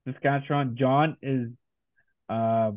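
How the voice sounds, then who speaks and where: A man co-hosting a laid-back podcast runs through a long list of past guests and where they come from. His voice sits at a middling pitch. It comes through thin and phone-like, with a dry, close sound. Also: fairly even intonation, takes it slowly, dry recording. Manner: reading a long list of names. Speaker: podcast co-host. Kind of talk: casual podcast chat.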